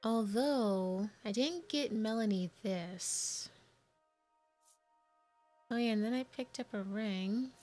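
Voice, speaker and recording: A woman's voice: mid-range voice, takes it slowly, pauses often, mellow. A woman casually commenting on a video game she is playing, thinking aloud and puzzling over the menus. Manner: chatty, thinking aloud, confused asides. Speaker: let's play gamer. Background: faint game music.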